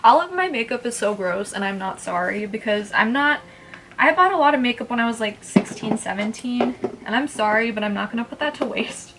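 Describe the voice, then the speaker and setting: A woman's voice: a little high, animated, a little fast, heavy background noise. A woman in her twenties chatting casually at home while doing her makeup, rambling and blunt, swearing freely. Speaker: beauty vlogger. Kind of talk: casual get-ready-with-me chat.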